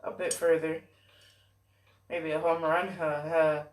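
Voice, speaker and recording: A storyteller quoting a panicky, blunt teen boy hero in a casual fan story, barely changing the voice, speaking slowly in an offhand way. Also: mid-range voice, flat delivery, roomy sound, close to an everyday voice. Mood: smug. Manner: offhand, lightly put-on quoting voice.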